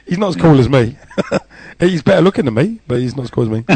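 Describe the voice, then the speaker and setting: A man's voice: medium pitch, husky, no room sound. A man with a Southern English accent co-hosting a casual online radio show, joking crudely and laughing often. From Southern England. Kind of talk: casual banter.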